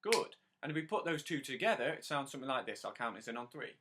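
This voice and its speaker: A man's voice: mid-range voice, big pitch swings, background noise. A man teaching a harmonica lesson step by step, patiently counting in and praising the learner. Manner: counts in and sings lines slowly; encouraging, patient.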